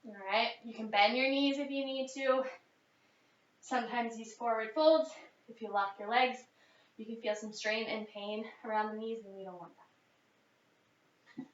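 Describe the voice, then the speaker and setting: A woman's voice: on the high side, steady tone, moderate pace, long pauses. A young woman leading a workout as a fitness instructor, a little out of breath, counting reps and coaching. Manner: upbeat coaching, counting reps, mid-exercise. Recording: echoey, distant, dull lo-fi.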